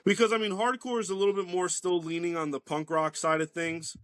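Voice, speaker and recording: A man's voice: sits high, little pitch movement, a little fast, a bit bright, clear, resonant tone, no echo. A man chatting casually as a podcast guest, rambling loosely with lots of "like" and swearing.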